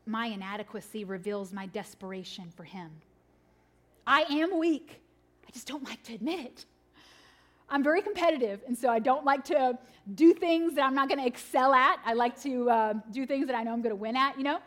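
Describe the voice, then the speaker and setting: A woman, preaching a sermon to mothers, swinging from laughing, animated stories to quiet, earnest points. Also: fairly high pitch, normal speed.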